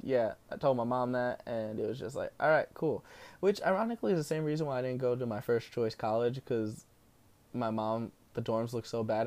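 A young man from New Jersey telling a story in a casual, profane rant that swings between outbursts and asides. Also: mid-range voice. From New Jersey, USA. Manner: profane, animated ranting.

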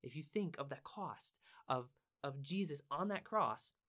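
A man's voice: a little high, animated, a little slow, pushed and bright. A man teaching from the Bible in a casual, conversational way. He is earnest and emphatic, repeats words for stress and asks his listeners questions.

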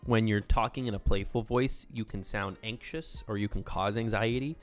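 A man co-hosting a casual podcast, explaining sales and negotiation ideas with lively inflection. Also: lowish voice, moderate pace, soft background music. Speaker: podcast co-host.

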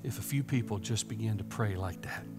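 A man preaching a sermon, swinging from hushed whispers to loud, impassioned preaching. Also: lowish voice, brisk, loud music behind the voice. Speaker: pastor.

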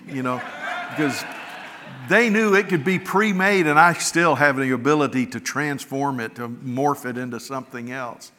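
A man's voice: mid-range voice, normal speed, bright, forceful tone, a little hiss or hum. A middle-aged man preaching a sermon as a pastor, telling stories in a folksy, earnest, conversational way. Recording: long reverb of a large hall.

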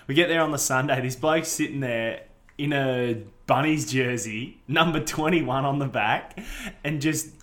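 A man's voice: medium pitch, unhurried, fairly bright tone. An Australian man telling a story in casual chat with his co-host, laughing often and slipping into slang. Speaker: podcast co-host.

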